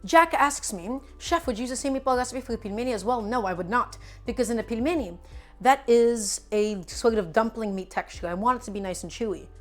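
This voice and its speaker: A woman's voice: a little high, fairly quick. A young woman talks her way through a home-kitchen cooking stream in a loose, chatty voice. She jokes with viewers and answers their questions as she works. Faint music plays behind her. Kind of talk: casual live-stream cooking chat.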